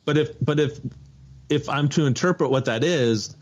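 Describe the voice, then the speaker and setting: A man co-hosting a comedy podcast, speaking wryly in halting, restarting sentences. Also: a little high, lo-fi sound. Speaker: podcast co-host. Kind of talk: comedic casual chat.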